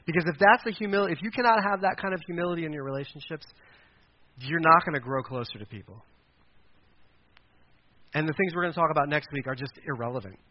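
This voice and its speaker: A man's voice: on the high side, highs cut off. Man preaching a casual, conversational sermon. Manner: conversational, acts out quoted voices. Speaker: pastor.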